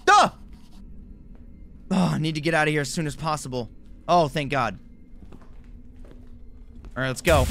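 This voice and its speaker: A man's voice: a little high, animated, unhurried, pauses often, a bit bright, a little hiss or hum. A man giving nervous, jumpy commentary while playing a horror game, with frequent exclamations. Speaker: gaming YouTuber.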